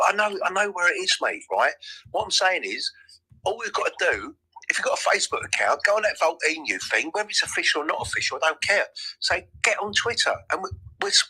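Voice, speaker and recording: A man's voice: a little high, pushed and bright, breathy edge, poor audio. A man with a London accent, talking insistently in a heated live audio chat and repeating himself, calling everyone "mate". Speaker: crypto community member.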